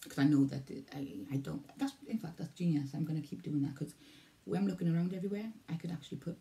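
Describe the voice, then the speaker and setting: Rambling gravelly-voiced Welsh woman vlogger. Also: sits low, fast, warm tone. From Wales. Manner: rambling, repeats herself, loses her thread. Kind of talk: casual vlog talk to camera.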